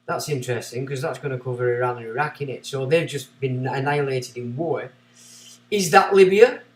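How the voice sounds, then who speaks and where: A man with a somewhat high voice hosts a livestream, reading text aloud and cutting in with scornful, sarcastic remarks. He sits back from the mic, and his voice carries around a roomy space. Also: a bit bright, far from the mic. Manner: scornful, sarcastic asides between read passages. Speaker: livestream host. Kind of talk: ranting commentary while reading aloud.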